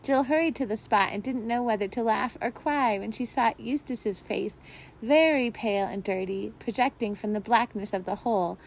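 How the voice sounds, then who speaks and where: Woman reader, bedtime storybook read-aloud, a bit high, expressive gentle delivery, faint background ambience. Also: moderate pace, slight background noise, poor audio. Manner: expressive, gentle, occasional slips and laughs. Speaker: volunteer reader.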